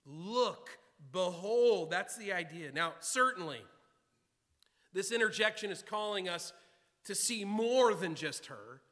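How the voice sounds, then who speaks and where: A man's voice: high voice, expressive, slow pace, pushed and bright. A man preaching a sermon to his congregation, emphatic and repetitive, often restarting his words. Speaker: pastor. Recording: long hall reverb.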